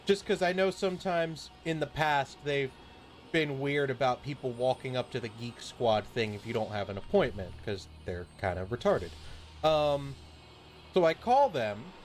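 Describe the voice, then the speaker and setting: Male streamer, casual rant, swears freely, mid-pitched voice, faint game music behind. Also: animated, moderate pace. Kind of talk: casual storytelling while gaming.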